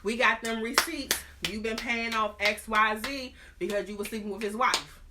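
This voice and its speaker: A woman's voice: fairly high pitch, fairly even intonation, moderate pace, recorded from a distance, very noisy, lightly acted. Woman doing gloating, taunting blackmailers. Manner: taunting, sassy. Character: nosy blackmailers, a gloating group.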